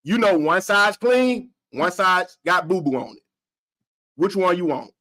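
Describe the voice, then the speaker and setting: A smug relationship-guru type, as a man puts him on, lecturing women in a calm, superior drawl. it comes out lower and quieter than the man's own high voice, slow and measured, with only now and then a sudden jump upward. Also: slight background noise, heavily acted, low-quality recording. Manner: calm, condescending, mock-serious lecturing. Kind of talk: comedic impression.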